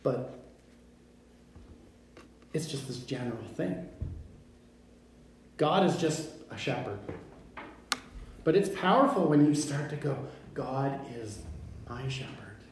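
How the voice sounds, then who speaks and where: A man's voice: a little high, animated, a little hiss or hum. Man preaching in an echoey room. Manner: slow emphatic delivery, stresses pronouns. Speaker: pastor. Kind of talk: sermon.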